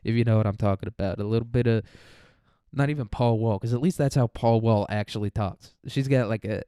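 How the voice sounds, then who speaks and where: A man's voice: fairly low pitch, fairly quick, warm tone, clear, resonant tone, no room sound, studio quality. Rambling, crude young man. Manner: rambling, crude, laughs a lot. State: mentally tired. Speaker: student podcaster. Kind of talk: casual solo podcast monologue.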